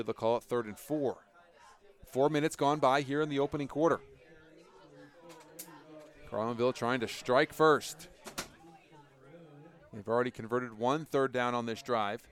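A man calling a football game play-by-play on radio, rising to excited shouts on big plays. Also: medium pitch. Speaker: play-by-play announcer.

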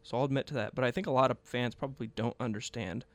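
A man co-hosting a casual sports podcast, agreeable and quick to chuckle, asking thoughtful follow-up questions. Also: medium pitch, steady tone. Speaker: podcast co-host.

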